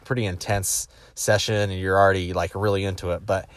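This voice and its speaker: A man's voice: deep voice, fairly quick. A man, a business executive, telling personal stories in a casual motivational talk, acting out the people he quotes and restarting his sentences often. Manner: animated, acts out quoted voices, frequent restarts.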